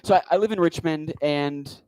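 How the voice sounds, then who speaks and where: A man's voice: a little high, moderate pace, a little mellow, smooth, no room sound, rough recording. A man doing a stand-up comedy set on a club stage, talking into a handheld mic with a wry, rambling delivery.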